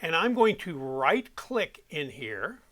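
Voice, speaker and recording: A man giving a step-by-step software walkthrough as an audio production instructor, talking while he clicks. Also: on the high side, big pitch swings, slow.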